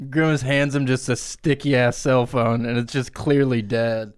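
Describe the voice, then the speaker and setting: A man co-hosting a comedy podcast, telling a crude absurd story and breaking into squeaky character noises. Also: fairly even intonation, slow, a little hiss or hum. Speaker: podcast co-host. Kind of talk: improvised comic storytelling.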